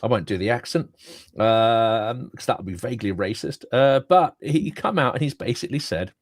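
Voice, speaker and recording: Man, podcast host, very animated pitch, wry asides, dry close mic. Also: normal speed, no room sound. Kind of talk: interview questions and commentary.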